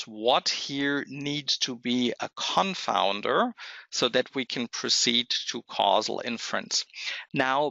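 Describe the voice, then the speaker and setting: A hoarse man presenting a software webinar, explaining step by step in a measured way and pausing to think. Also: mid-range voice, dry recording. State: hoarse, losing his voice. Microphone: computer mic on a webinar call. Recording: dull, muffled lo-fi audio.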